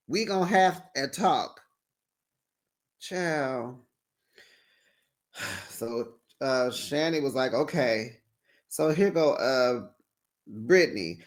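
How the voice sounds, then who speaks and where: Sassy animated man recapping gossip. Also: fairly high pitch, slow pace, pauses often. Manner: sassy, animated, laughing, acts out quotes. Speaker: recap show host. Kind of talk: casual reality TV recap.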